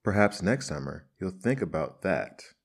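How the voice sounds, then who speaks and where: A man's voice: sits low, big pitch swings, a little slow, vocal fry, breathy edge, exaggerated voice. A man voicing a stern, hardworking ant who lectures and sneers in a storybook reading. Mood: lecturing. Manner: scolding, sneering.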